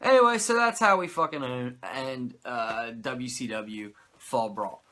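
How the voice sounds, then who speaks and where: A man's voice: medium pitch, measured pace, sharp tone. A man hosting a casual wrestling recap, swearing a lot, filling with "like" and ranting in disbelief. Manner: swears a lot, lots of "like" fillers, incredulous rants. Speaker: wrestling recap podcast host.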